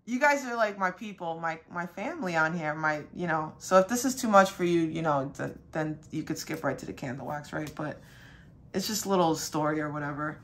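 Woman with a lowish voice, casual rambling storytelling, lots of fillers and swearing, young adult. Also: lively intonation, a little fast. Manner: rambling, full of fillers and mild cursing; quotes her dad in a higher voice. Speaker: spiritual reader.

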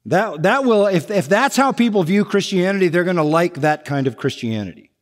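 A man's voice: high voice, expressive, brisk. Emphatic preacher man in a big echoing hall. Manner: emphatic, repeats key phrases. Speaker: pastor. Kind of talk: sermon. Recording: long echo of a large hall.

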